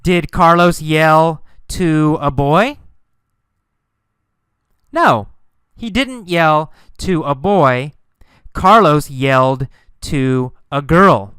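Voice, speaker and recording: A man teaching English through a mini story, asking and answering simple questions in a slow, deliberate way. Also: fairly high pitch, expressive, a bit bright, clean tone, dry recording, studio quality.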